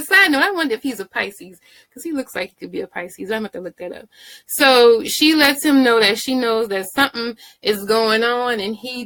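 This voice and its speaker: A woman casually recapping and reviewing a TV drama episode, chatty and candid, with quick asides. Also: on the high side, bright, forceful tone.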